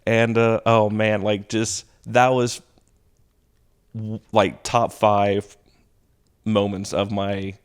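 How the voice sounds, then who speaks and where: Young adult male stand-up, relaxed podcast guest, lowish voice, animated storyteller who plays out other people's lines. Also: takes it slowly, pauses often, clean tone. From Texas. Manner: animated, laughs while telling stories, acts out quoted voices. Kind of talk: casual storytelling chat.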